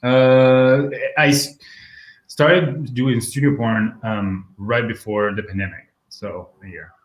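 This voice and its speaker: A man's voice: mid-range voice, fairly even intonation, slow pace. French guy around 30, accented, chatty and laughing a lot, echoey kitchen sound. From France. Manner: laughs often, candid and joking. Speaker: guest. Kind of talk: casual interview chat. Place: home kitchen. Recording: roomy home kitchen sound.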